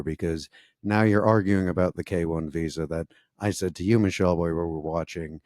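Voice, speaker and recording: A man co-hosting a podcast, recapping a reality show in a sarcastic, animated way with frequent laughs. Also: deep voice, moderate pace, no echo, studio quality. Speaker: podcast co-host. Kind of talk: casual recap chat.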